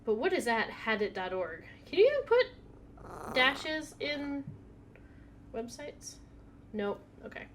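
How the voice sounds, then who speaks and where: A woman's voice: high-pitched, sing-song, slow pace, long pauses, noisy background. A woman streaming a video game at home, chatting casually, reading text aloud and talking to her cat. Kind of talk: casual live gameplay commentary.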